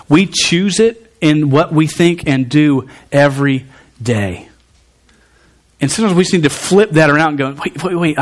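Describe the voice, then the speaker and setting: A man preaches a sermon in a slightly higher-than-average voice. He talks to the room conversationally, with animated bursts and stumbling restarts.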